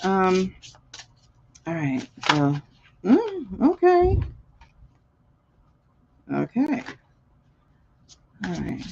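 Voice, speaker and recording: A woman hosting a live tarot reading stream, chatting casually with viewers, animated and laughing often. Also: mid-range voice, slow, long pauses, highs cut off, slight background noise. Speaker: tarot reader and stream host.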